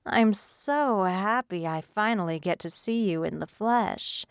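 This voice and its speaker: A woman's voice: mid-range voice, smooth, no room sound, clean studio sound, natural voice. A woman putting on a purring sinister mermaid. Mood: menacing. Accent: rolling foreign-sounding lilt. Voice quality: purring, slow and menacing.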